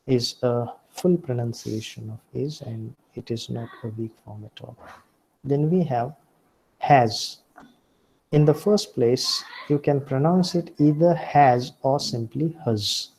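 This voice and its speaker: Slow, gravelly-voiced male lecturer. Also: medium pitch, mellow, poor audio. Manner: deliberate, repeating example words and starting points with "See". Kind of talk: recorded lecture on pronunciation.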